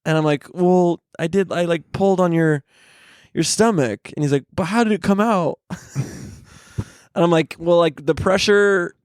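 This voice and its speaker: A man's voice: a little high, measured pace, pauses often, smooth, no echo, clean studio sound. A young adult man co-hosting a casual podcast, telling a rambling story, laughing mid-sentence and swearing. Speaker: podcast co-host. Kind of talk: casual chat.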